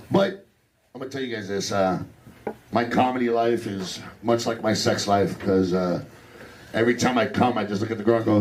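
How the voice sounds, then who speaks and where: A man's voice: medium pitch, brisk. A young man doing a crude, brash stand-up set on a comedy club stage.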